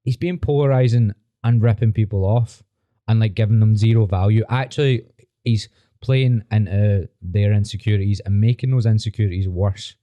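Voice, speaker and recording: Blunt podcast host, low voice, dull lo-fi podcast sound. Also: male voice, normal speed, no echo. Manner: blunt, slangy storytelling with frequent swearing. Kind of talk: casual podcast chat.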